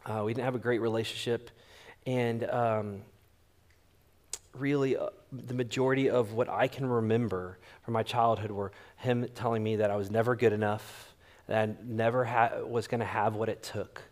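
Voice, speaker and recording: A male pastor preaches a sermon full of stories, telling them animatedly and acting out the dialogue. His voice is on the low side, at a moderate pace.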